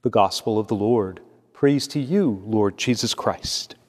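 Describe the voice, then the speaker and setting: A man as a priest, reading scripture and preaching a homily in a measured, steady cadence. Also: on the low side. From United States. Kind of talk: liturgy and homily. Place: church. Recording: long church reverb.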